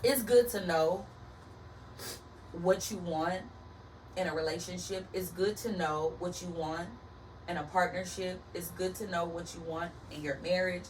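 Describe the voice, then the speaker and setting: A woman's voice: fairly low pitch, fairly even intonation, measured pace, recorded from a distance, a little hiss or hum, poor audio. A woman giving an earnest, emphatic faith-based motivational talk, speaking straight to her listeners.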